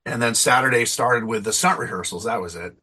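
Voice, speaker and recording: Husky, forceful man rambling along. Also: medium pitch. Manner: rambling, self-deprecating, quick to laugh. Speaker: interview guest. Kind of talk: casual interview chat.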